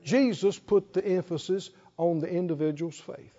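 High-pitched preacher guy, sermon, keeps asking the crowd if that's right, kinda muffled recording. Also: normal speed, dark tone, in a large hall. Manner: rhetorical, asks the congregation to respond.

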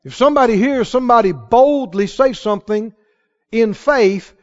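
A man's voice: extremely high pitch, normal speed. A man preaching a sermon, emphatic and asking his listeners questions as he goes. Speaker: pastor. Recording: dull lo-fi sermon recording.

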